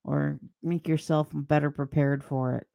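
Woman podcast host: low, gravelly, dark tone, blunt sarcastic rambling monologue. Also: steady tone, a little slow, no room sound. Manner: mocking put-on voices when quoting people. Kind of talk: opinionated solo podcast monologue.

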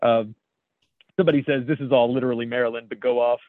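A man's voice: mid-range voice, fairly even intonation, fast, no room sound. A man from the United States co-hosting a casual podcast, reading jokes aloud and laughing often at them. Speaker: co-host reading memes. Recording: dry, phone-like call audio.

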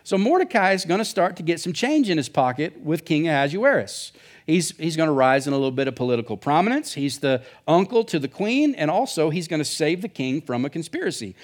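A man's voice: on the high side, very animated, a little fast. Casual joking pastor, man. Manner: casual, joking preaching with asides. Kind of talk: sermon. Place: church.

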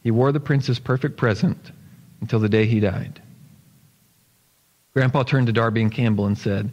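Pastor telling a story in a reverberant church. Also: male voice, mid-range voice, muffled recording. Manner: steady storytelling, slowing for emphasis. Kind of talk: sermon, reading a story aloud. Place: church sanctuary. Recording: long church hall reverb.

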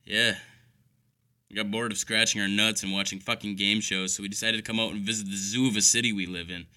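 A man's voice: fairly low pitch, steady tone, fast talker, pushed and bright. A man delivering an exasperated, profane comedic rant full of sarcasm. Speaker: caregiver telling stories.

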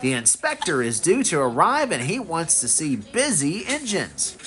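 A father voicing a cheerful, eager little train engine in a raised, bright voice while reading a storybook aloud. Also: a little high, wildly swooping pitch, moderate pace.

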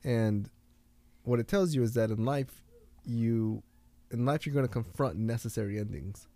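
A man's voice: medium pitch, moderate pace, dark tone, dry recording. A man talking earnestly in a casual conversation, telling stories and giving life lessons in a motivational way. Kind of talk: casual podcast chat.

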